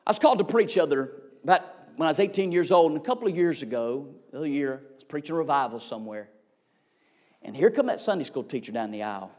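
Guy preaching, high voice, folksy and punchy, hams up his stories. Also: sing-song, fast talker, a little mellow. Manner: folksy and emphatic, with comic exaggeration. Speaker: revival preacher. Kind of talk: humorous storytelling sermon.

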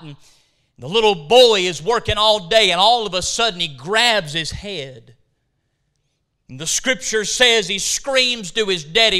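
A man's voice: sits high, sharp tone, clean tone. A middle-aged man preaching a sermon, retelling scripture scenes with dramatic, emphatic storytelling.

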